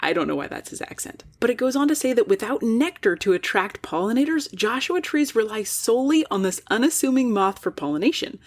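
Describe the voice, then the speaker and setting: Animated woman narrating a nature podcast. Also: medium pitch. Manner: lively, chatty and playful. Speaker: podcast host.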